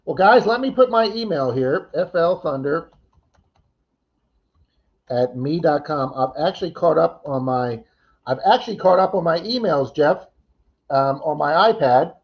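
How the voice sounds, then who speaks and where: A chatty man with a fairly high voice hosts a relaxed morning livestream, greeting and thanking viewers one after another. The sound comes through dull and lo-fi. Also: unhurried, long pauses. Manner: chatty, thanks viewers by name, laughs easily. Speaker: livestream host. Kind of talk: casual chat reading viewer comments.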